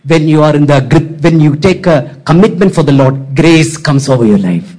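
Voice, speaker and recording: A man's voice: fairly high pitch, animated, normal speed, a little mellow. A man preaching a sermon as a pastor, exhorting and repeating his points and calling on the congregation to respond. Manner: exhorting, repetitive, calls for audience response.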